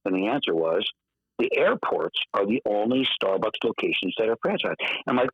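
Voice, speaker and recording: A man telling a story in casual podcast chat, lively and acting out the voices of the people he quotes. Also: fairly low pitch, moderate pace, creaky, husky, no room sound. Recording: dull, dry podcast audio.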